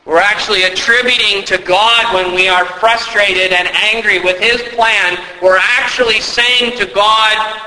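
A man's voice: high voice, fairly even intonation, a little slow, sharp tone. A male pastor preaching a sermon, earnest and emphatic, with rhetorical questions. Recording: echoey hall with long reverb.

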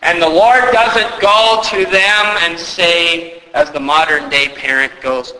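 A man's voice: fairly high pitch, fairly even intonation, slow, few pauses, bright, forceful tone. A male pastor preaching a sermon, earnest and emphatic, with rhetorical questions. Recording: echoey hall with long reverb.

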